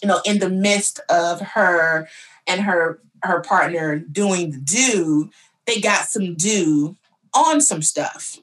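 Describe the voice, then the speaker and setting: A woman hosting a casual chat, talking fast and chatty while asking guests questions. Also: fairly low pitch, recorded from a distance. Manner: chatty, animated, quick talker. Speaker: podcast host.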